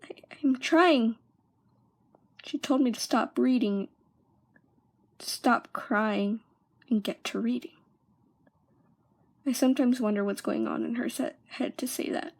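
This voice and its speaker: Young woman, hushed and halting. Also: fairly high pitch, steady tone. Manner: halting, drops into hushed whispers. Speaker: vlogger. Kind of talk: personal storytelling.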